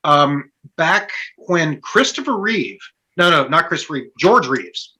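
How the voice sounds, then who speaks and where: A man with a fairly high, bright voice, deep into an animated story on a podcast. He slips into the voices of the people he quotes. His tone is forceful and tense. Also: takes it slowly, low-quality recording. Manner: animated anecdote-telling, acts out quotes. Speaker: guest stunt performer.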